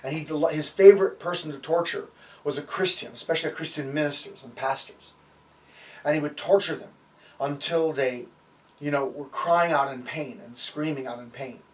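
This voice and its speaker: A man's voice: fairly high pitch, normal speed, recorded from a distance. A man giving a sermon and telling stories, with frequent fillers and acted-out quotes. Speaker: preacher.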